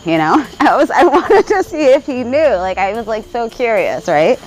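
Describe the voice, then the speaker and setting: Woman vlogger, casual rambling storytelling, lively up-and-down pitch, faint crickets outdoors at night. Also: a little fast, hardly any pauses, slight background noise, rough recording. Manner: rambling, keeps asking "right?", laughs often. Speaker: spiritual vlogger.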